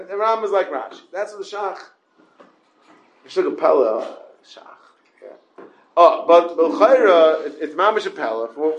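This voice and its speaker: A man's voice: high voice, reverberant. A man giving a Talmud class. He stumbles over his words and often asks the listeners questions. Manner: halting, repeats words and restarts often. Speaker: Talmud teacher.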